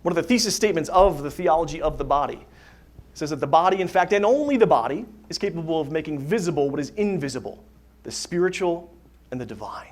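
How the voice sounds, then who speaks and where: A man leads a relaxed faith session for parents, his voice sitting a little high. He talks conversationally, tossing in rhetorical questions and a steady stream of "right?" as he checks in with the room. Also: fast. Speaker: catechist teaching parents. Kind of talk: live faith talk to a parent group. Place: parish hall dinner gathering.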